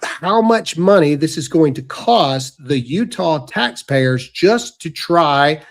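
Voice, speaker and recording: A man's voice: fairly high pitch, expressive, slow pace. A man hosting a podcast, talking in a brash, sarcastic, ranting way, including an ad read. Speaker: podcast host. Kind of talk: casual commentary with ad read.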